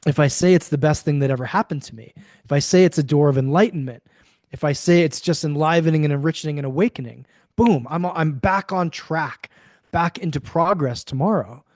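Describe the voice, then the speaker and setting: A man talks emphatically as a guest on an interview podcast, often slipping into quoted voices and casual swearing. His voice sits a little high for a man. The sound is dry and close, with no room around it. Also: brisk, a little mellow, no room sound. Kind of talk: conversational interview.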